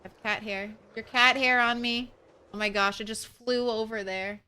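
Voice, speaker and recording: A woman's voice: a little high, fairly even intonation, normal speed, pushed and bright, clean tone. A woman streaming a video game, chatting casually and playfully with her viewers and talking to her cat between jokes. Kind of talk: casual livestream chat while gaming.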